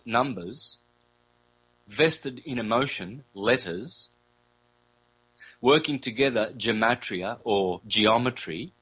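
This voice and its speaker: A man, a guest in an interview, explaining at length in a loose conversational way, often repeating himself and sounding out vowels slowly. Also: medium pitch, a bit bright, breathy edge, low-quality recording. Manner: loose, conversational, with fillers and self-corrections.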